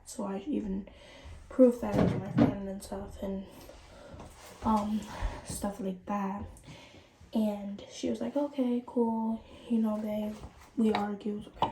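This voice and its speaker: A woman's voice: medium pitch, creaky, very noisy. A woman in her late teens chatting to viewers in a casual storytime while doing her skincare. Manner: chatty, animated, addresses viewers directly. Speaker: vlogger. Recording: roomy and distant from the mic.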